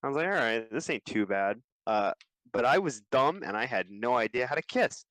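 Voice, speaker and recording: A man's voice: mid-range voice, expressive, moderate pace, fairly bright tone, dry recording. A man on a casual podcast telling a sheepish childhood story, getting defensive about it. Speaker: podcast co-host.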